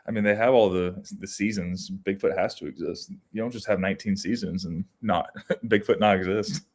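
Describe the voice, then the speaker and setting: A man's voice: low voice, moderate pace. A young man co-hosting a podcast, telling casual outdoor stories with lots of restarts and fillers. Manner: rambling, animated storytelling with many restarts. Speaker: podcast co-host. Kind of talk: casual storytelling chat.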